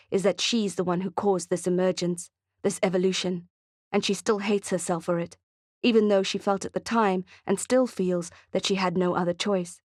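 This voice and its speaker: A woman narrating an audiobook thriller in a steady, expressive reading. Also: mid-range voice, no room sound, studio quality. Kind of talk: scripted narration.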